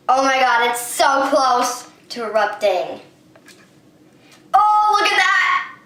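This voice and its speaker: A woman hosting a slime-making vlog at home, talking excitedly and often squealing and shrieking. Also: high-pitched, roomy sound. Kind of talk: excited hands-on vlog narration. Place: home bathroom and table.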